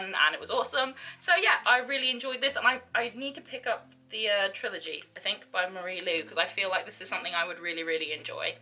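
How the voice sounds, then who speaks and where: A young woman talks through her month of reading in a casual, enthusiastic way, full of ums and gushing praise. Her voice sits a little high and sounds very bright. Faint music plays behind her. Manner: enthusiastic, gushing, with frequent fillers. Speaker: book vlogger. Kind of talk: casual reading wrap-up chat.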